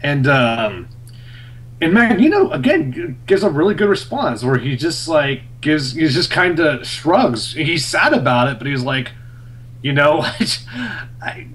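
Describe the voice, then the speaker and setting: A young man on a podcast, recapping a comic in casual chat, full of fillers and quick laughs. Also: a little high. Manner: animated storyteller, many fillers, laughs often. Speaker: podcast co-host reviewing a comic.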